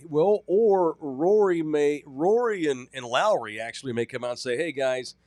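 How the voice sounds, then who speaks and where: A man's voice: a little high, expressive, normal speed, darkish tone, no room sound, studio quality. A man co-hosting a sports podcast, ranting casually with lots of profanity. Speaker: podcast co-host.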